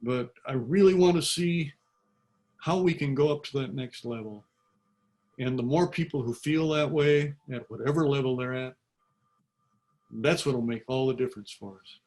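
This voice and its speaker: An older man, an author, answering in an interview over a video call, earnest and halting, often repeating words. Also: mid-range voice, darkish tone.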